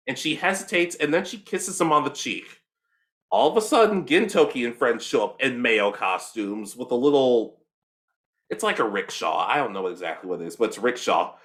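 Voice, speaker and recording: Young male co-host with a lively, swinging delivery, dropping into quick voices for the characters as he recaps. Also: mid-range voice. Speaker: podcast co-host. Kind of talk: casual recap of an anime episode.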